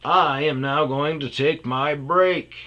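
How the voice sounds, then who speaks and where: A man putting on the voice of a bar owner, speaking slowly in a solemn mock-official way. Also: fairly high pitch, lo-fi sound, a little hiss or hum, pitched above the performer's own voice. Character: formal deadpan male bar owner.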